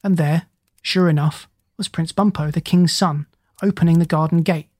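A reader narrating a children's storybook in a steady, gentle way. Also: medium pitch, normal speed, no echo, studio quality. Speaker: audiobook reader.

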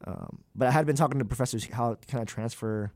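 A man's voice: medium pitch, a little fast, darkish tone, dry recording. A young man, a graduate student, talking candidly in an interview, with many fillers and loose, rambling sentences. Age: young adult.

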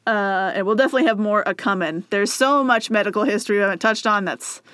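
A woman's voice: medium pitch, quick pace, a bit bright, clear, resonant tone, no echo, studio quality. A woman co-hosting a podcast, chatting casually, laughing often and reading listener mail aloud. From United States. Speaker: podcast co-host.

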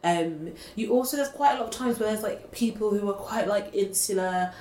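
A woman's voice: medium pitch, brisk, mellow. A woman co-hosting a podcast, chatting in a gushing way and full of "like" and "oh my God". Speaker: podcast co-host. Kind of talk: casual chat. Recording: roomy echo, faint background hiss.

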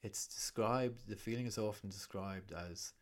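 A man, a breathwork guide, leading a calm guided breathing meditation in a soothing, often whispered voice. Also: on the low side, normal speed.

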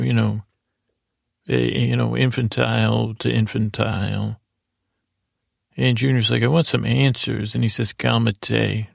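A man's voice: mid-range voice, gravelly, no room sound, clean studio sound. A man hosting a rambling sleep podcast, recapping a TV show with meandering asides and self-corrections.

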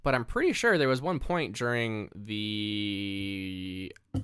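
A man's voice: fairly low pitch, slow, a bit bright, smooth. A man co-hosting a podcast in casual chat, rambling and laughing often, with lots of fillers. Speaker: podcast co-host.

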